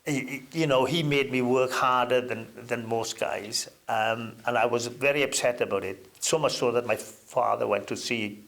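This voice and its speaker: An older man sits as an interview guest and unspools anecdotes at an easy pace. His voice stays at a middling pitch but jumps up now and then as he gets into a story, broken by ums and uhs. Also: moderate pace, gravelly, hardly any pauses, fairly bright tone. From Wales. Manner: reminiscing, with hesitant fillers and sudden lifts in pitch.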